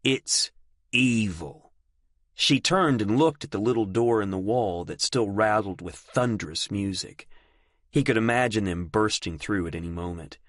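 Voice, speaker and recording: A man narrating an audiobook in a measured storytelling manner. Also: fairly low pitch, no echo, clean studio sound. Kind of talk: scripted narration.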